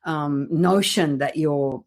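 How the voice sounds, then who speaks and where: A woman's voice: sits low, slow pace, darkish tone. A woman hosting a podcast, chatting casually with dry, joking humor. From Australia. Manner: dry joking, acts out voices in anecdotes. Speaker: podcast host. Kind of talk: casual chat.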